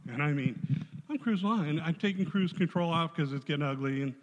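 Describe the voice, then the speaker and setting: A man giving a spoken testimony to a church congregation, telling his story in a lively way and acting out the voices in it. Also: fairly high pitch, fast, highs cut off. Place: church hall. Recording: long hall reverb.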